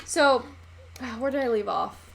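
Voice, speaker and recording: A woman's voice: on the high side, lively intonation, measured pace, gravelly. Chatty young woman streaming while painting. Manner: chatty, reads and thanks viewers while painting. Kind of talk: casual livestream chat.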